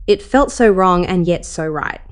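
Woman narrator, slightly low voice, soft intimate storytelling, gets breathless at times. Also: expressive, measured pace. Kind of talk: first-person erotic story reading.

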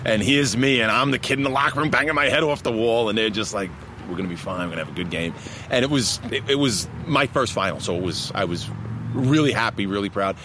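Chatty Long Island referee outdoors. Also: male voice, mid-range voice, brisk. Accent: Long Island New York. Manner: animated, laughs often, says "man" a lot. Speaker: basketball referee, interview guest. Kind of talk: casual storytelling interview. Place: outdoors in a park, traffic behind. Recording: faint outdoor traffic noise.

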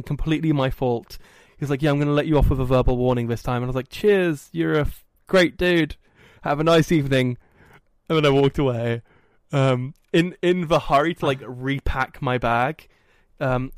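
A man hosting a podcast, telling a story in a casual, animated and self-mocking way. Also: mid-range voice, no echo. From England. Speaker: podcast host. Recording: dry, poorly set up audio.

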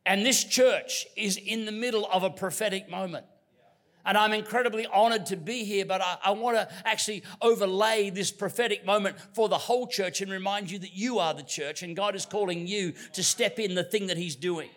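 A middle-aged Australian man from Queensland preaching a sermon as a guest pastor, telling stories with humor and dropping to hushed tones. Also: sits high, a little fast. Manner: storytelling with humor, dynamic swings from loud to hushed. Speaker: visiting pastor.

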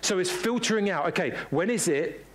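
A man preaching a sermon in a conversational, searching way, his voice sitting a little higher than most men's. He stops and restarts often and acts out short quotes as he goes. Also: lively intonation, a little fast, fairly bright tone. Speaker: pastor.

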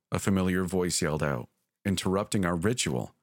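A man with a very deep voice narrates a scripted horror story. He speaks in a measured, deliberate way, and the recording is dry and close. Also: expressive, no echo. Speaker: podcast narrator.

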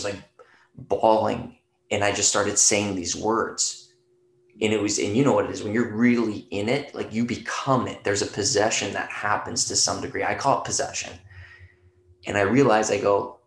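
A man with a low, gravelly voice rambles through a casual podcast chat, loose and profane and full of "you know"s. The sound is roomy, with a clear echo off the walls. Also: fairly bright tone.

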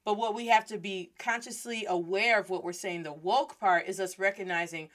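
A woman's voice: medium pitch, fairly even intonation, moderate pace, a bit bright. A woman hosts a playful Spanish lesson, moving between English and Spanish with rhythm and humor. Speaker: Spanish teacher and host. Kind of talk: lively language lesson.

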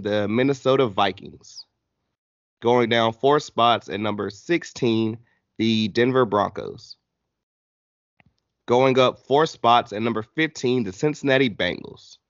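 A man hosting a casual sports podcast with friends, reading through rankings in a steady way. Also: mid-range voice, dry recording, lo-fi sound. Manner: slow, listing rankings in a steady read. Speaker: podcast host.

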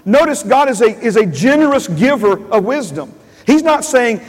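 A man's voice: extremely high pitch, animated, normal speed, in a large hall, rough recording. A male pastor preaching a sermon, repeating phrases and asking the congregation questions. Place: church.

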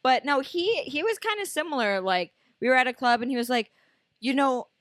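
A woman's voice: high voice, expressive, brisk, a bit bright, no echo. Blunt young woman co-hosting. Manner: candid, blunt storytelling. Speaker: podcast co-host. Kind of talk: casual chat.

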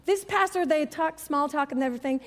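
A woman giving a personal testimony at church, an animated storyteller who laughs often. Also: sits high, brisk. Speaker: church speaker. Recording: long reverb of a large hall.

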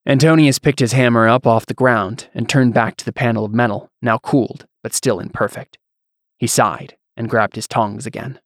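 Brief: measured male fiction narrator, mid pitch, dry booth. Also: steady tone, no echo. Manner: measured storyteller reading.

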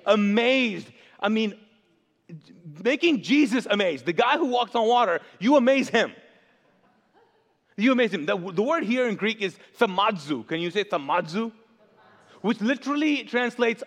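A male pastor preaching a sermon, animated and jokey, slipping into quick voices to tell the story. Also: high voice, in a large hall.

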